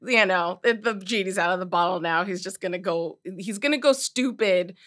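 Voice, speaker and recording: A woman's voice: mid-range voice, normal speed, fairly bright tone. A woman co-hosting a podcast, chatting casually with swearing and laughing asides. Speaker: podcast co-host. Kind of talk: casual chat.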